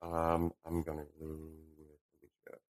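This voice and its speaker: A young man co-hosting a podcast, talking casually and rambling with lots of ums and quick asides. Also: extremely low pitch, monotone. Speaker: podcast co-host. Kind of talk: casual chat. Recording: poor home audio.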